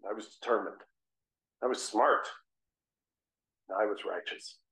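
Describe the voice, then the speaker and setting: A man playing the apostle Saul in a first-person dramatic monologue, telling the story earnestly with measured, dramatic pauses. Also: fairly low pitch, fairly bright tone. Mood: zealous. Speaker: guest speaker. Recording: roomy echo.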